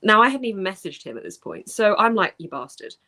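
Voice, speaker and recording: A woman's voice: mid-range voice, fast. A woman co-hosting a livestream, telling a funny story in casual chat and laughing often. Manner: lively anecdotes broken by frequent laughter. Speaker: livestream co-host.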